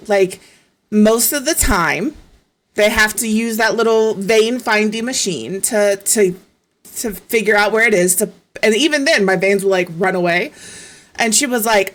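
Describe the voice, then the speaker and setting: A woman's voice: medium pitch, lively intonation, a little slow, fairly bright tone. Profane, exasperated woman streamer. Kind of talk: casual chat.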